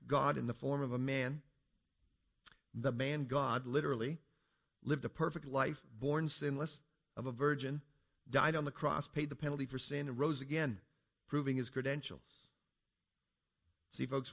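A man from Canada addresses a congregation from the front of a church hall. He keeps it conversational, calls people folks and asks them questions, his voice sitting at an ordinary middle pitch. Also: creaky, fairly bright tone. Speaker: preacher. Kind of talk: creation apologetics talk to a congregation.

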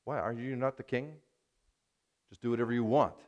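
A man's voice: mid-range voice, a little fast, a little mellow, lo-fi sound, natural voice. A man voicing Queen Jezebel as a scheming, ruthless woman who scornfully coaxes her husband.

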